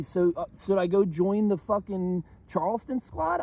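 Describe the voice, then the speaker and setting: Gravelly, profane ranting young man from Philadelphia. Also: sits high, a little slow. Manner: profane, animated, rambling with many fillers. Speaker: vlogger. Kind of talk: casual rant to camera.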